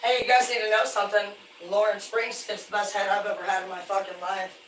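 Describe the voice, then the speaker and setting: A man spins loose, profanity-laced stories of hard work at sea on a live stream. His voice sits back from the mic in a roomy, echoing space. Steady noise runs underneath. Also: high-pitched, brisk. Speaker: livestreamer, former commercial fisherman. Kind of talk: rambling live-stream storytelling. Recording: echoey, distant, noisy room.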